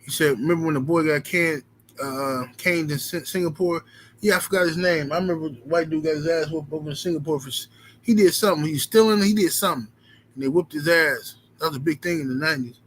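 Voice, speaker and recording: Man, livestream host, casual chat, profane, rambling, slightly high voice, faint background hiss. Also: fast talker. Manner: profane, rambling, animated storytelling. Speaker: livestream host reading super chats.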